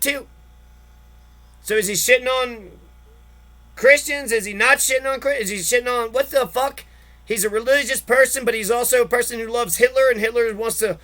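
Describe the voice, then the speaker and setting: Male podcast host, very high pitch, profane, exasperated political rant. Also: sharp tone. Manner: heavy swearing, exasperated ranting.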